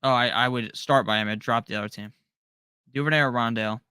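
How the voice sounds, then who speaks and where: A man hosting a live stream, casually reading out viewer questions and firing back quick, offhand answers with slang. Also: mid-range voice, steady tone, pushed and bright, smooth, no room sound. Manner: rapid-fire, offhand answers with slang and the odd curse. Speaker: fantasy football live-stream host.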